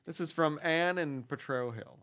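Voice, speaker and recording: Comic bit: man voicing a high, loud, over-excited female fan. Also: moderate pace, lightly acted.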